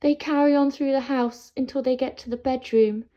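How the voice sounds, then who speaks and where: A woman teacher, telling a children's story in an expressive, sing-song way. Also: high voice, moderate pace. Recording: dull lo-fi sound.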